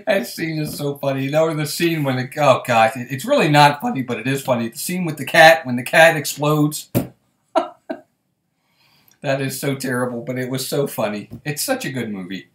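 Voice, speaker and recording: A man's voice: fairly high pitch, fairly bright tone, reverberant. A man hosting a casual live stream, chatting and laughing often as he reads viewer comments aloud. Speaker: host.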